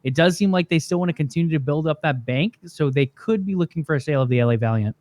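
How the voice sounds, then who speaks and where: A man's voice: on the high side, fast, darkish tone. A man co-hosting a gaming podcast in an easygoing, chatty way, laughing at his own jokes. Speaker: podcast co-host. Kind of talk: casual gaming podcast chat.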